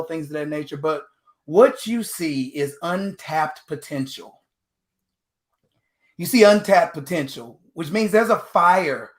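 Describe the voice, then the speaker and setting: An energetic man delivers a motivational talk with a preacher-like push, his voice sitting a little high for a man. He speaks as a guest on a video call panel. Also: takes it slowly. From Texas.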